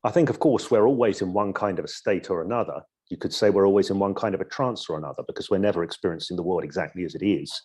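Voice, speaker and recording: A man from Edinburgh, Scotland, with a low, husky, darkish voice discusses his coaching in a thoughtful, casual podcast interview. He explains using examples and occasionally slows into a soothing, hypnotic tone.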